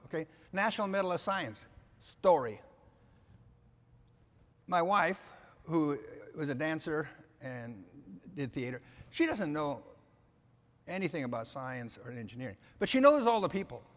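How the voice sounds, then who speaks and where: A man's voice: a little high, big pitch swings, a little slow, fairly bright tone. Emphatic older man giving a keynote. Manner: emphatic, repeats "okay?" to the audience. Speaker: keynote speaker. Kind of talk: animated keynote speech. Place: conference hall. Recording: reverberant hall sound.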